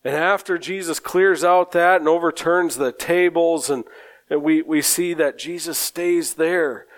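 A man preaching a sermon in a slow, earnest way, often repeating words as he gathers his thoughts. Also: fairly high pitch.

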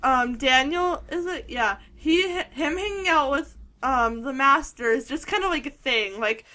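A woman's voice: high-pitched, a little slow, bright, forceful tone. A woman joining a casual film chat, giggly and eager to share her jokes.

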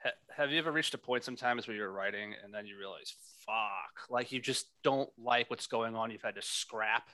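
A man's voice: mid-range voice, fairly quick, few pauses, sharp tone, no echo. A man co-hosting a podcast, asking questions in an easygoing, curious way. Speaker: podcast co-host. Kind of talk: casual chat.

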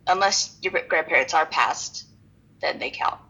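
A woman's voice: low voice, measured pace, pushed and bright, breathy edge, lo-fi sound. A woman co-hosting a casual podcast, reading notes aloud with frequent laughs and self-deprecating asides. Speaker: podcast co-host.

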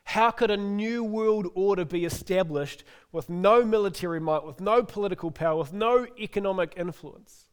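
Middle-aged male preacher, earnest and gently inviting, voice pitched a little high. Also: moderate pace, few pauses, clean tone. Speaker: pastor. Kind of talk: sermon with closing prayer.

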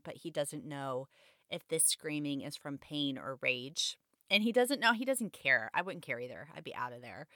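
Reading aloud from a novel between her own offhand comments, this woman podcaster gives a relaxed, chatty recap of a chapter. She has a low but bright, cutting voice, captured close up in a dry recording with no room sound.

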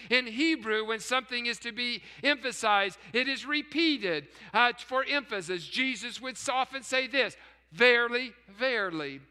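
A male pastor preaches with an unusually high, very bright and smooth voice, leaning hard on key words and then falling to hushed repetitions. The church hall rings with long reverb behind him. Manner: emphatic, dramatic drops to hushed repeats. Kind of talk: sermon. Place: church sanctuary.

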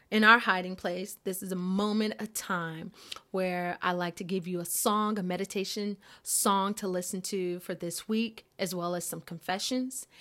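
A woman hosting a devotional talk, speaking in a gentle, encouraging way and repeating key phrases. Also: medium pitch. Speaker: devotional host.

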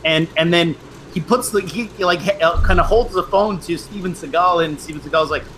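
Middle-aged male host, rambling storyteller, bright and a touch high. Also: brisk, slight background noise, low-quality recording. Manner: rambling, with frequent restarts and laughs. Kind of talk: casual storytelling chat.

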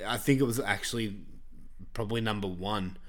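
A man's voice: fairly low pitch, brisk, a bit bright. A man hosting a podcast, chatting casually about films with blunt, sweary opinions. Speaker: podcast host reviewing films. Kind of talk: casual chat.

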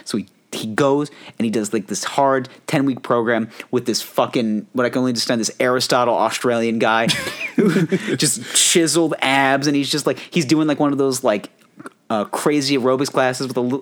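A man co-hosting a casual podcast chat, telling a story and acting out the people in it. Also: moderate pace. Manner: animated storyteller, acts out quotes in jumps of pitch. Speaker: podcast co-host.

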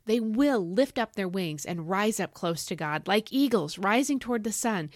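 A woman podcast host teaching from the Bible in an excited, folksy, emphatic way. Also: mid-range voice, normal speed, hardly any pauses, no echo, clean studio sound. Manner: animated, folksy, emphatic with y'all.

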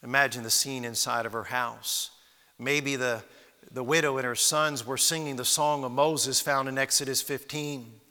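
A man's voice: mid-range voice, fairly even intonation, normal speed, sharp tone, long reverb tail. A man preaching a sermon, retelling a Bible story with dramatic storytelling and acted-out voices. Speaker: pastor.

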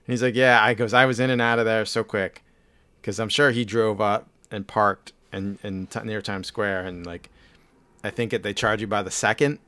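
A man's voice: lowish voice, fairly even intonation, normal speed, sharp tone, clear, resonant tone, dry recording. A man co-hosting a podcast, telling a rambling story in casual chat with lots of fillers and restarts. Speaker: podcast co-host.

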